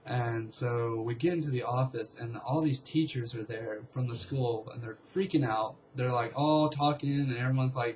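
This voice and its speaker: A young man casually telling a long story, rambling and excitable, with lots of fillers. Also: medium pitch, moderate pace, few pauses, highs cut off, a little hiss or hum. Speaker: vlogger.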